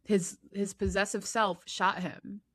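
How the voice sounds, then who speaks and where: A woman co-hosting a podcast, retelling a TV drama in a lively casual chat, laughing often and acting out characters' lines. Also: mid-range voice, a little slow. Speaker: podcast co-host.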